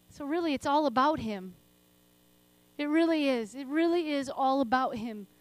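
High-voiced woman preaching with passion. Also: animated, measured pace, no room sound. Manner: passionate, laughs often, swings between soft and loud. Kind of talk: sermon with prayer.

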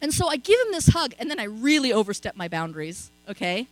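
A woman's voice: a little high, big pitch swings, quick pace, no room sound, faint music behind, low-quality recording. A middle-aged woman preaching a sermon in a conversational storytelling way, often checking in with her listeners. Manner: conversational storytelling, frequent "okay?" asides.

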